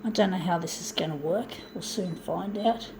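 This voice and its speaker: A woman's voice: lowish voice, normal speed. A middle-aged woman vlogging in a blunt, ranting way and swearing freely as she chats while photocopying, with a photocopier's mechanical noise behind her. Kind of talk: casual chat while photocopying.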